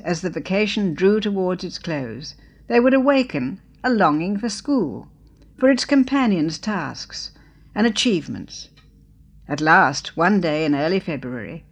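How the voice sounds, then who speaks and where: A woman reading a memoir aloud in a measured, expressive storytelling manner. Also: lowish voice. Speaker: narrator.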